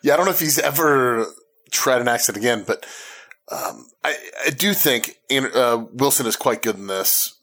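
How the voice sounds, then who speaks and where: A man's voice: medium pitch, normal speed, a bit bright. Man hedging opinions in casual chat. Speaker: podcast co-host. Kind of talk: casual film discussion.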